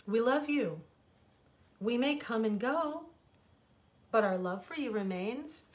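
Sweet, loving desert flowers, as a woman reads them. They reassure gently and slowly in a storybook fable. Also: a little high, animated.

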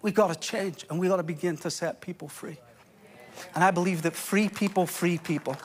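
A Scottish man preaching a sermon as pastor, impassioned, with sudden drops to a hush. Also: sits high, fairly even intonation, a little fast, noisy background. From Scotland.

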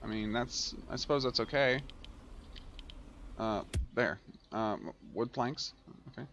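A man's voice: medium pitch, lively intonation, a little slow, pauses often, fairly bright tone, muffled recording, a little hiss or hum. A man hosting a let's-play, talking through a transport tycoon game and scolding it when things go wrong. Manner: grumbles and scolds the game aloud. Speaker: gaming channel host. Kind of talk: casual let's-play commentary.

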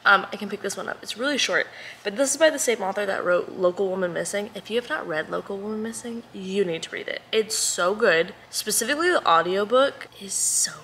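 A young woman from Texas, chatting casually to camera as a book vlogger at home, bubbly and talkative with quiet whispered asides. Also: mid-range voice, expressive, brisk, slight background noise. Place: at home indoors.

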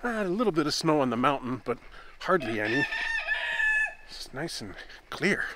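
A man casually narrating his day on a small farm, relaxed and chatty. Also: normal speed, very noisy. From Canada. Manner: relaxed, chatty, talks to animals in a high coaxing voice. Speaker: farm vlogger. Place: outdoors on a farm.

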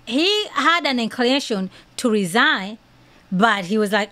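A woman's voice: a little high, lively intonation, a little slow, pushed and bright. A woman hosting a podcast, giving earnest, opinionated commentary peppered with "you know" and "okay". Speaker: podcast host.

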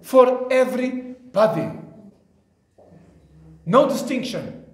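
Man, pastor, sermon, high voice, hushed to raised delivery, rhetorical questions, reverberant church. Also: big pitch swings, slow. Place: church service hall.

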